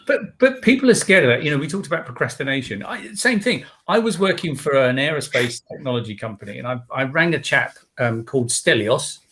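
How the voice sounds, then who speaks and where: A man co-hosting a live chat, telling anecdotes in an animated way. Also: mid-range voice, fairly quick, few pauses, a little hiss or hum. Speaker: co-host.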